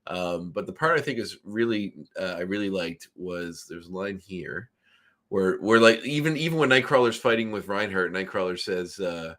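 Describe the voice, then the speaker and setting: A man's voice: low voice, expressive, moderate pace, a bit bright. A man from Nova Scotia co-hosting a casual review podcast, rambling with many ums and restarts. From Canada, Nova Scotia. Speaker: podcast co-host.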